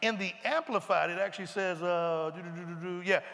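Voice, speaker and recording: A man preaching a sermon, reading scripture aloud and explaining it in animated, conversational asides. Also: high voice, brisk, gravelly, slight background noise. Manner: animated, conversational, breaks into asides and mimics characters. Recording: long reverb of a large hall.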